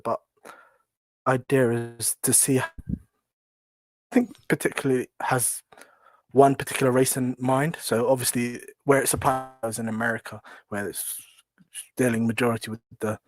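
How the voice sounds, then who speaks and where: A man's voice: mid-range voice, normal speed, long pauses, a little hiss or hum. A man from London with a London British accent, calling in to a show and talking politely but hesitantly, often restarting his sentences. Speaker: caller. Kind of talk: phone-in call.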